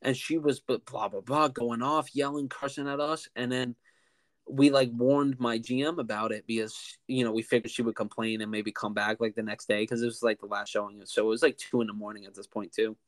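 A man in his twenties telling a story in a casual, animated way, often saying "like", as a podcast host. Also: mid-range voice, brisk, dry recording. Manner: animated, heavy use of "like".

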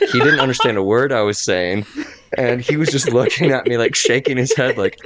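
A man hosting a podcast recap, rambling warmly in casual chat and laughing often. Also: medium pitch, moderate pace, a little hiss or hum. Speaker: game master and podcast host.

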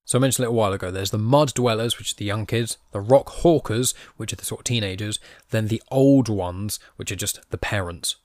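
A casual, chatty man with a lowish voice talks through a story recap with a self-deprecating manner. The recording is dry and close, with no room sound. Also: brisk, a little mellow, no echo. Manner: chatty, self-deprecating, reads quoted lines aloud in his own voice. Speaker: podcast host. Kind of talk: casual comic recap podcast.

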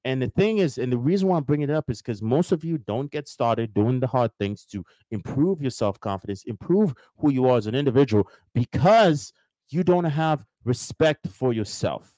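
A man's voice: mid-range voice, lively intonation, normal speed, mellow, no echo. A man hosting a live motivational talk, repeating points emphatically and speaking straight to his viewers. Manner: emphatic, repetitive, addresses viewers directly. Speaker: host.

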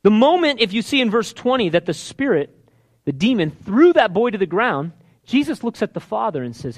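High-voiced, animated male preacher. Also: normal speed. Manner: animated storytelling, acting out voices of characters. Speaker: pastor. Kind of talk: sermon.

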